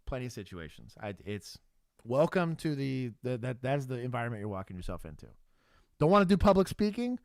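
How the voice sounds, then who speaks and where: A man's voice: mid-range voice, very animated, a little fast, dry recording, studio quality. A man in his thirties, a former police officer co-hosting a livestream, telling stories bluntly with swearing and frequent laughter. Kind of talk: casual livestream chat.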